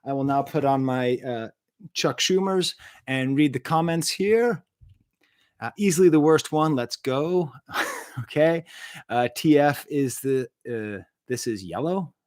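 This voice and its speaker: A man's voice: mid-range voice, lively intonation, measured pace, no echo, studio quality. A man who teaches French, chatting casually on a livestream, rambling and joking at himself with lots of filler uhs. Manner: rambling, self-deprecating, many filler uhs. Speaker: music reviewer and French teacher. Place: home room.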